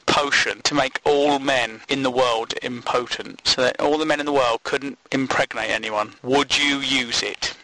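A man's voice: mid-range voice, sharp tone, slight background noise, low-quality recording. A man rambles through a comic monologue, swearing and laughing at his own jokes.

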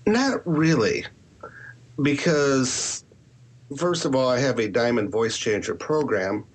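A man's voice: mid-range voice, animated, slow pace. A man who writes horror and podcasts, answering interview questions in a candid, rambling way with self-deprecating asides. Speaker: author and podcaster.

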